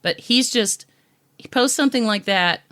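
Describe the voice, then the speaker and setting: A woman co-hosting a podcast in casual chat, telling stories in an animated, indignant way. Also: a little high, normal speed. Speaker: podcast co-host.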